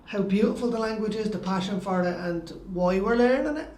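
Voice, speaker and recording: A man's voice: high voice, brisk, a little mellow, roomy sound, rough recording. A middle-aged Irish man co-hosting a podcast, chatting casually and agreeably. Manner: agreeable, chimes in often. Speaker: podcast co-host. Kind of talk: casual chat.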